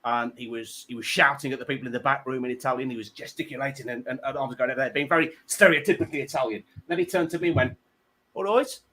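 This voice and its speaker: A man hosting a comedy panel show, telling stories in an animated, self-mocking way. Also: medium pitch, rapid-fire, hardly any pauses, a little hiss or hum. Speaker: host.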